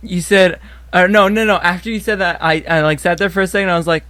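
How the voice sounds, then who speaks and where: High-voiced young man, dry sound. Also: steady tone, fast, bright, forceful tone, dry recording. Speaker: podcast co-host. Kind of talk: casual chat.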